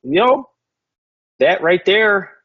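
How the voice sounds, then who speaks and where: A man's voice: high voice, sing-song, slow. A man casually co-hosting a fantasy football recap, laid-back and rambling, laughing often. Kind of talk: casual chat. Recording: dull lo-fi recording.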